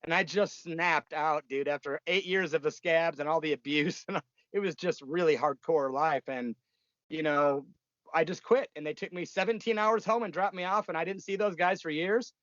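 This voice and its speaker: A man's voice: a little high, normal speed, a bit bright, no echo, lo-fi sound. A man, a punk musician telling stories in a casual interview, blunt and profane, rambling with lots of fillers.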